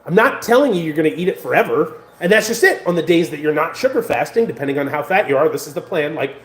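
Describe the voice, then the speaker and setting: An American man talking to the camera in a casual vlog, rambling and animated, with many fillers and restarts. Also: a little high, quick pace, roomy sound. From United States. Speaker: vlogger.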